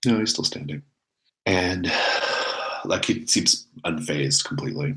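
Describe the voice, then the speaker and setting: A man's voice: low voice, a little slow, vocal fry, a bit bright, poor audio. A man narrating as game master of a tabletop role-playing game, in a loose, filler-heavy way.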